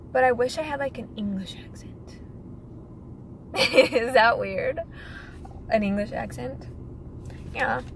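A woman's voice: a little high, fairly bright tone, a little hiss or hum, low-quality recording. Chatty young woman vlogging to viewers. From United States. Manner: chatty, giggly, talks straight to viewers. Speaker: model and vlogger. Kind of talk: casual chat to camera.

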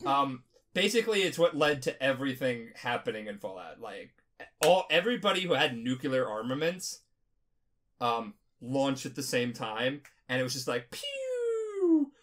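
A tipsy man talking casually on a podcast, rambling, profane and animated. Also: mid-range voice, moderate pace. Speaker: podcast host.

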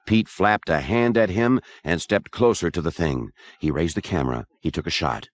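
A man narrating a horror audiobook in a steady, measured reading. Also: deep voice.

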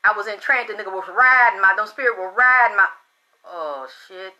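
A woman host telling a story in a casual monologue, blunt and profane, who gets excitable and repeats herself. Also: medium pitch, fairly quick, dull audio. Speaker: spiritual reader and channel host.

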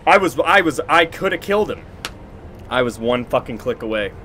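A man's voice: medium pitch, animated, normal speed, pushed and bright, slight background noise. A man commentating a live game stream, swearing often and raging at his losses, then laughing it off.

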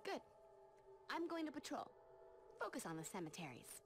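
A wisecracking young vampire slayer. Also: female voice, high voice, very animated, normal speed. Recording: loud game music behind.

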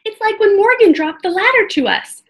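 A woman reading aloud and voicing an eager, bold young girl who speaks up quickly. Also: very high voice, expressive, voice pushed up.

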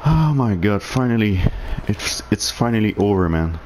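A man's voice: on the low side, animated, moderate pace, darkish tone, a little hiss or hum. A man giving sarcastic, swearing commentary on his own online shooter match, muttering in frustration, a non-native speaker of English whose first language is French. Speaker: gaming streamer. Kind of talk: live gameplay commentary.

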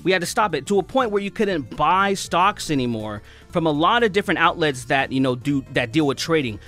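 A male commentary host rants in a high, excitable voice, sarcastic and heated, swearing freely. Faint music plays underneath him. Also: brisk. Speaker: commentary YouTuber. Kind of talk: ranting commentary.

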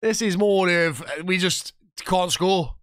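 A man in his thirties playing a football management game, chatting with viewers and reacting loudly to the match. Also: high voice, unhurried, clean tone, dry recording, clean studio sound. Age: 30s. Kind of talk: live gameplay commentary and chat.

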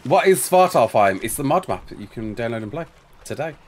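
Lively, chatty man streaming a game. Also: medium pitch. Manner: chatty, rambling, talks to chat and himself, quick exclamations. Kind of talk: casual live-stream chat while playing.

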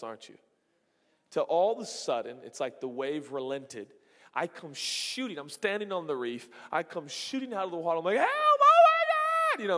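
A man preaching a sermon as a pastor, telling a story with lively, acted-out exclamations and quick asides to the congregation. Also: on the high side, in a large hall.

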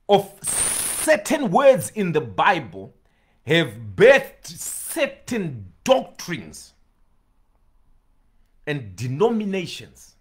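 A man's voice: a little high, wildly swooping pitch, extremely slow, breathy edge. A man preaching a sermon, pleading and emphatic, repeating key words for stress.

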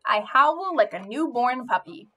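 A woman reading a children's novel aloud, telling it in an expressive first-person voice. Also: fairly high pitch, a little slow. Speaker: audiobook reader.

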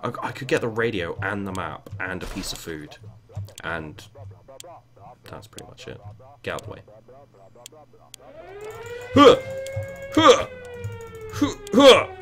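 A man commentating a game as he plays, swearing often and bursting into yells and chanted words. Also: low-pitched, normal speed, long pauses. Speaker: gaming video creator. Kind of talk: let's play commentary.

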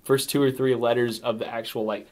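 A man's voice: mid-range voice, level tone, fairly quick, darkish tone. A man co-hosting a casual podcast, rambling with lots of fillers and frequent laughs. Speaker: podcast co-host reviewing a film. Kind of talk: casual chat.

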